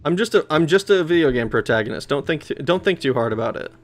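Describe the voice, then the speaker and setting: Fast and expressive in a slightly high voice, a man streams a retro role-playing game as a let's play. He curses freely, loses patience quickly, and talks back to his chat.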